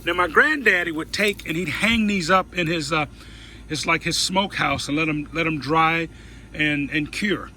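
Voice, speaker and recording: Chatty middle-aged man with a higher voice. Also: moderate pace, pushed and bright, a little hiss or hum, rough recording. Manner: chatty and folksy, with many fillers and restarts. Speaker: cooking show host. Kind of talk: casual cooking demonstration. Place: home garden, then a home kitchen.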